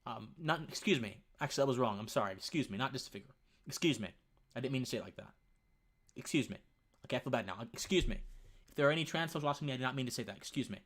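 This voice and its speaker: A man's voice: mid-range voice, very fast. A young man hosting a casual opinion livestream. He rambles, stumbles over words and often restarts his sentences. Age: young adult. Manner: lively and conversational, says man often. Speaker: livestream host.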